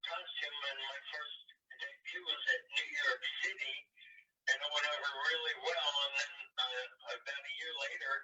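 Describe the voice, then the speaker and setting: A man's voice: fairly high pitch, fairly even intonation, moderate pace, sharp tone, faint music behind. Man, sixties, guest, casual rambling anecdotes, remote call. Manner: rambling anecdotes with many fillers. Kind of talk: casual interview storytelling. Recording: distant call audio.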